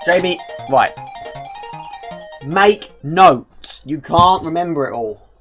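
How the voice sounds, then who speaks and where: A chatty woman talks through a retro game, her pitch bouncing up and down with an animated, lively lilt. She pokes fun at herself and mutters asides to herself, while faint game music plays behind her. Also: takes it slowly. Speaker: gaming video creator. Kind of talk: casual gameplay commentary.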